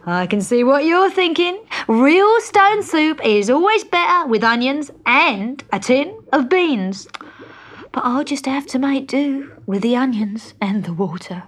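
A woman voicing a crafty, cheerful male tramp in a storybook reading, smooth-talking and wheedling. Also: high voice, expressive, measured pace, voice pushed up. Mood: sly.

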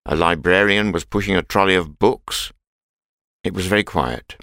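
A man narrating a simple storybook in a clear, measured reading voice. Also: low voice, sharp tone, dry recording, studio quality.

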